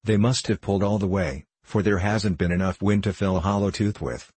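A blunt, plain-spoken ship's officer, as a male reader puts him on in a storybook reading. The voice is very low and husky in a dry recording. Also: fairly even intonation, brisk, darkish tone, no room sound. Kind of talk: audiobook character voice.

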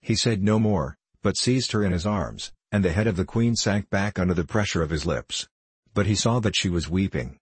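Deep husky male storyteller. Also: normal speed, dry recording. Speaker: narrator. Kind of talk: audiobook narration.

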